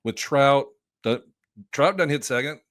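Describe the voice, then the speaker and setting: Guy guesting on a podcast, loose and excited, dry close sound. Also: mid-range voice, unhurried, no echo. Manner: loose and enthusiastic, many fillers and restarts. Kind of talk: casual podcast chat.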